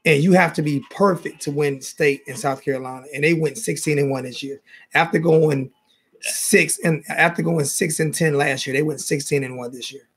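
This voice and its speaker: A man's voice: fairly high pitch, fairly even intonation, normal speed, husky. A man hosting a casual fan call-in show in a Southern US accent, loose and repetitive, often restarting his sentences.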